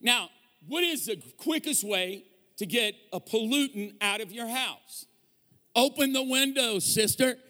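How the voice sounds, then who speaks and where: A man's voice: extremely high pitch, measured pace, bright, forceful tone. A man preaching a sermon as a pastor, mixing jokes and stories with call-and-response to the congregation. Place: large church hall. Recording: long hall reverb.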